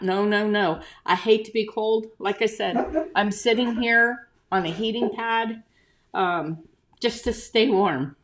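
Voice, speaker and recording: A woman's voice: mid-range voice, takes it slowly. An older woman chatting casually on a live stream as a craft shop owner, greeting viewers by name and reading out their comments.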